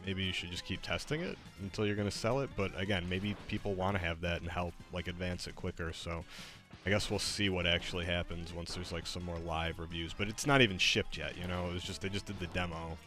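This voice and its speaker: Deep-voiced laid-back male streamer. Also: fairly quick, faint music behind. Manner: relaxed, hesitant, full of fillers. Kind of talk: casual live-stream chat.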